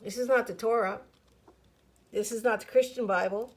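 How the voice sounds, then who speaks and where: A woman's voice: fairly high pitch, fairly even intonation, normal speed, low-quality recording. A woman delivering a fervent, profane video rant that turns into preaching, repeating her calls over and over. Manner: fervent, profane, repetitive exhortations.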